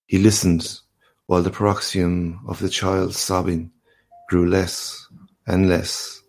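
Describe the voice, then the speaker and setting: Slow, deep-voiced male storyteller. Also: level tone, a little mellow. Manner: measured, unhurried storytelling. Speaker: narrator. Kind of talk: audiobook reading of a classic short story.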